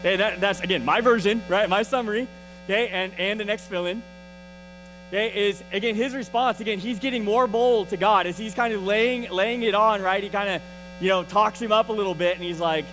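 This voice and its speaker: High-voiced man teaching a Bible lesson. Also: brisk, a bit bright, faint music behind, rough recording. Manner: conversational, often checks in with "right?" and "okay?"; restarts and repeats words often. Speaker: church teacher.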